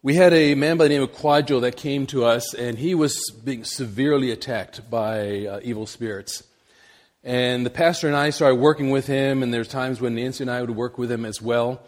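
A middle-aged man preaching, telling a personal story in a halting, animated way with many repeated words. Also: mid-range voice. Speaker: missionary preacher.

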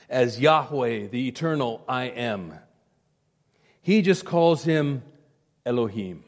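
A man's voice: medium pitch, long reverb tail. A male pastor preaching a sermon emphatically, with repeated phrases and direct appeals to his listeners.

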